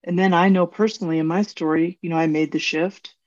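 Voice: mid-range voice, steady tone, fast talker. A podcast host with a mid-range voice asks curious questions and reflects earnestly. The talk is conversational and thoughtful. The recording sounds dull and lo-fi. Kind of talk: conversational interview.

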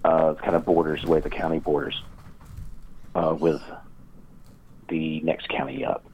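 Over dull, lo-fi remote audio, a guest author and paranormal researcher tells a meandering story in an interview. His voice is extremely low, husky and darkish, with a level tone and normal speed, and he fills his speech with fillers and acts out the voices he quotes.

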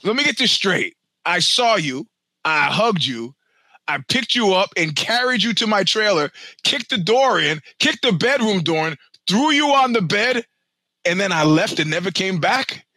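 A man's voice: sits high, animated, measured pace, sharp tone, dry recording. A man around sixty, a podcast host, telling a long personal story in a rambling, profane, self-mocking way.

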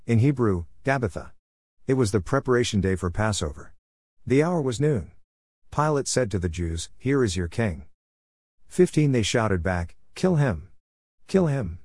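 A man hosting a daily Bible reading podcast, reading scripture aloud in a steady, earnest voice after a short prayer. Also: lowish voice, dry recording, clean studio sound.

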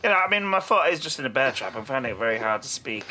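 A man's voice: mid-range voice, big pitch swings, very fast, heavy background noise. A man playing a comedy tabletop game, flustered and protesting with laughter. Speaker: podcast co-host, player.

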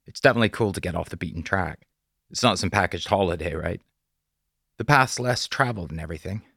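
A man's voice: low-pitched, quick pace, gravelly, fairly bright tone, husky, no echo, clean studio sound, full character voice. A man voicing a friendly, polite male drifter in his twenties in an audiobook, easygoing and chatty.

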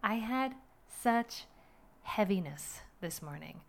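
A woman's voice: mid-range voice, lively intonation, slow pace. A middle-aged woman hosting a podcast, talking candidly and at length about her day, rambling a little and laughing at herself. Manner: candid, rambling, self-deprecating with small laughs. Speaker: podcast host. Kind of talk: personal reflective monologue.

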